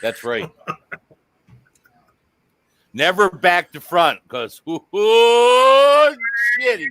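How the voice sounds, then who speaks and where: A man's voice: on the high side, sing-song, takes it slowly, pushed and bright, dry recording. A man hosting a casual live-stream chat, joking crudely and swearing freely. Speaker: host.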